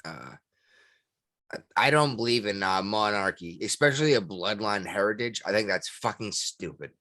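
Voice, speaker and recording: A man's voice: fairly low pitch, lively intonation, normal speed, bright, forceful tone, no echo. Casting: male podcast co-host, blunt and swearing, dry close mic. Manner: blunt, swears freely, laughs while talking. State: hiccuping. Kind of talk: casual chat.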